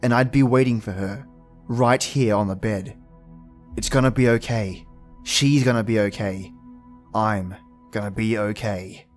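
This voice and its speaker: Somber man narrating a dark first-person tale with raw emotion. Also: on the low side, steady tone, measured pace, faint music behind.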